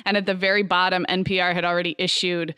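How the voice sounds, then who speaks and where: A woman's voice: fairly low pitch, little pitch movement, quick pace, bright, forceful tone, clear, resonant tone, no room sound, studio quality. A woman in her thirties co-hosting a podcast, telling stories in a chatty way with frequent laughs and restarts. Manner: chatty, laughing, self-correcting storyteller. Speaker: podcast co-host. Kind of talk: casual chat.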